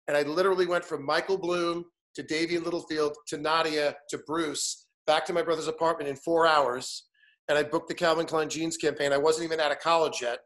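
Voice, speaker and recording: A man's voice: on the high side, steady tone, a little fast, a bit bright. A man in his fifties, a guest in casual conversation, telling an anecdote animatedly and acting out the other people in it. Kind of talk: casual storytelling chat.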